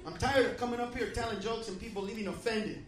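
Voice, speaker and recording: A man doing a brash, profane stand-up comedy set in a comedy club, shouting at the crowd. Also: high voice, fast, background noise. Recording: echoey live club from a distance. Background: audience laughter.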